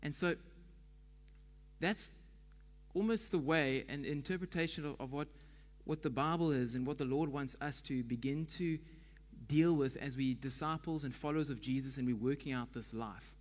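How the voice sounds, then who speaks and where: A man's voice: medium pitch, moderate pace, big-room sound. A man giving a conversational sermon as pastor, chatty and quizzing the congregation.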